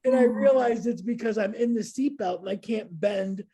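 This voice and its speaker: A woman in her thirties telling a story in casual chat, lively and laughing, jumping into high voices to act out quotes. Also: normal speed, husky. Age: 30s.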